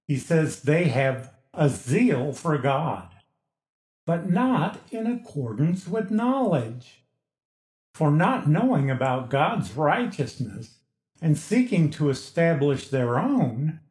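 A male pastor teaches through scripture in a slow, measured cadence, leaning hard on key words. His pitch sits a little high and swings widely as he stresses each point. The sound carries the echo of a large room. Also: darkish tone. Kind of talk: expository sermon.

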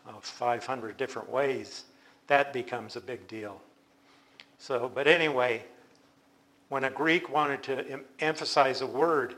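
A man with a medium-pitched, somewhat bright voice teaches a Bible study. He explains things patiently and unhurriedly, frequently restarting his sentences.

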